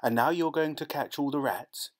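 A man's voice: a little high, moderate pace, pitched above the performer's own voice, natural voice. Man voicing a blunt, skeptical station man. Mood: curious. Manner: blunt, doubting questions. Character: curious, skeptical male filling-station man.

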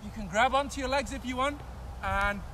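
A man coaching young children through a playful movement game, animated and full of sound effects. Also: very high-pitched, a little fast, slight background noise. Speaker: kids' soccer coach.

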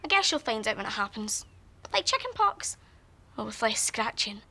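Casting: a bright, chirpy girl nearing her teens, high and lively. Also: moderate pace. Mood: wondering. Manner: chirpy and wondering. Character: girl about to turn thirteen. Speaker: lead actress. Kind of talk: children's TV sitcom acting.

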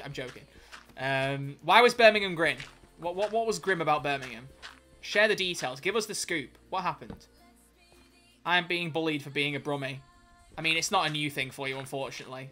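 Male streamer, bright, sharp voice, joking and swearing over faint music. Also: a little high. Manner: joking, swearing, quick self-corrections. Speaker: livestreamer. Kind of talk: casual stream chat, reading chat aloud.

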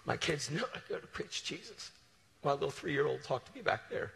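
A man preaching a passionate sermon, moving between loud declarations and hushed storytelling, recorded live in a large hall. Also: mid-range voice, expressive, fast, gravelly. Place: large hall with long reverb.

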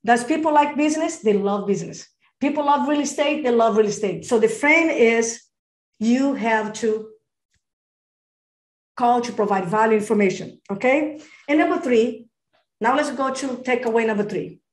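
A woman gives an emphatic live coaching talk over a video call, pushing her points hard and turning to attendees by name. Her voice sits fairly high for a woman. The sound is roomy and echoey. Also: normal speed. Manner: energetic, emphatic, calls attendees by name and "darling"; acts out phone calls and client dialogue. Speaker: real estate business coach.

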